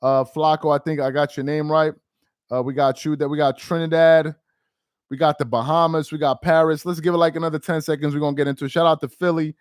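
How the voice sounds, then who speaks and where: A man's voice: fairly high pitch, flat delivery, quick pace, smooth, no room sound. Male sports streamer, casual and down, repeats himself, resonant voice, dead-dry sound. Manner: dejected, repetitive, rambling. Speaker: sports livestream host. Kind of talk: casual live-stream chat.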